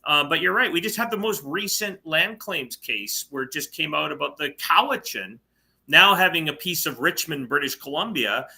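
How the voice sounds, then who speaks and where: A man's voice: fairly high pitch, lively intonation, moderate pace, vocal fry, pushed and bright. A man from Canada, co-hosting a political livestream, arguing his points emphatically and firing off rhetorical questions. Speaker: political talk show co-host. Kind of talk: opinionated political livestream chat. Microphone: livestream call mic.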